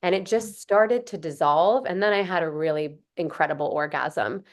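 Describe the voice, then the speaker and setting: Speaking at normal speed in a voice on the low side, a woman interviews a guest for her podcast in a casual, conversational way. She gushes earnestly and leans heavily on "like" and "um".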